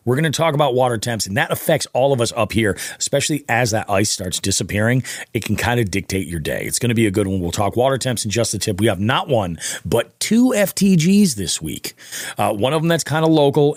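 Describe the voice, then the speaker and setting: A man's voice: mid-range voice, no room sound, clean studio sound. A young adult man hosting a fishing podcast, chatting casually, joking and swearing. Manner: profane, joking, animated. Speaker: podcast host. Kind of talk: casual chat.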